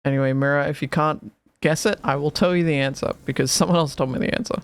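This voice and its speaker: Guy streaming a game, gravelly and kinda high pitched, hypes up and swears a lot. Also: fast, dry recording. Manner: excitable, swears, laughs often. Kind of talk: casual gaming chat. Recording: faint music behind.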